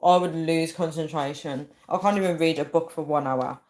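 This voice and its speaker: A young woman hosting a livestream chats casually, laughing a lot and reading viewer comments and names aloud. Her voice is low and darkish in tone, at a moderate pace.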